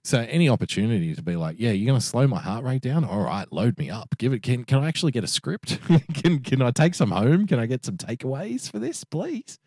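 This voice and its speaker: A man's voice: mid-range voice, sing-song, fairly quick, hardly any pauses, darkish tone, breathy edge, no room sound, studio quality. A man bantering crudely and joking on a casual podcast. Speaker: podcast co-host. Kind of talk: casual chat.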